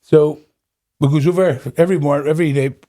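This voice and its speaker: A man's voice: fairly high pitch, brisk. A middle-aged man with a Northern Irish accent, telling his own story as a guest in an interview and acting out the dialogue. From Northern Ireland. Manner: animated storyteller acting out dialogue, breaks into laughter. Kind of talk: personal testimony in a podcast interview.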